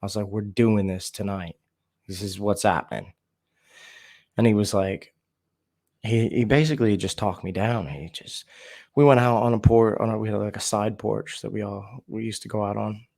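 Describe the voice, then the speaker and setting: A man candidly telling a painful personal story, raw and profane, halting and restarting his sentences. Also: lowish voice, creaky, darkish tone. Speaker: storyteller sharing recovery story.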